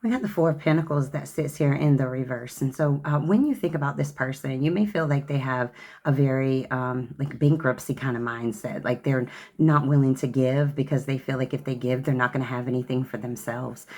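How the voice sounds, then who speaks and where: A woman with a remarkably low, gravelly voice reads tarot cards for her viewers. She talks in a sassy, chatty way and calls the listener honey and child. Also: fairly quick, darkish tone. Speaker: tarot reader. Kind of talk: tarot card reading to camera.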